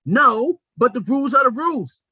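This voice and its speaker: A woman's voice: high voice, lively intonation, normal speed, sharp tone, slightly rough, no echo, pitched above the performer's own voice, full character voice. A man putting on the voice of a stern woman who scolds people about masks. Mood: prim. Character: stern woman enforcing library mask rules.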